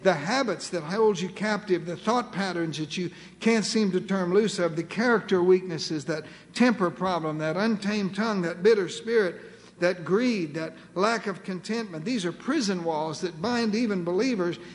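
A man with a high voice preaches a sermon as pastor. He speaks earnestly, slowing for emphasis and repeating his key phrases. His voice trails off into the long reverb of a large hall.

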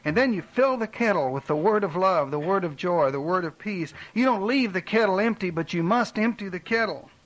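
Earnest male preacher, fairly high voice. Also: lively intonation, a little fast, few pauses, rough recording. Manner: earnest preaching with dramatic drops in volume; direct, personal appeals to listeners. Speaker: pastor. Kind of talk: sermon.

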